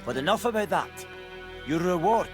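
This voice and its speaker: An actor playing a gruff, grumbling village blacksmith in a video game. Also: male voice, high voice, animated, moderate pace, loud music behind the voice.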